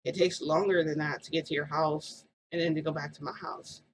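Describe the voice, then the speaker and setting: A woman's voice: low voice, steady tone, fairly quick, a crowd in the background, rough recording. A woman vlogger telling a story in a rambling, casual way, full of "like" and "um".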